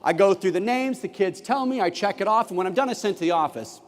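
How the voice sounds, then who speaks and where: A fast-talking former teacher gives a storytelling keynote in a large conference hall with long reverb. His voice is high and very lively, and he acts out every line of classroom dialogue.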